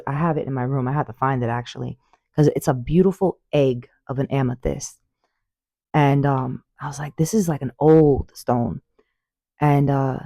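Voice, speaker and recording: A woman tells spiritual stories straight to her viewers in an animated, emphatic way, repeating key phrases and calling them "baby". Her voice is warm and mellow. The phone recording is dry and slightly dull. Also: very deep voice, no room sound. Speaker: spiritual vlogger. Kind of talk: casual storytelling monologue.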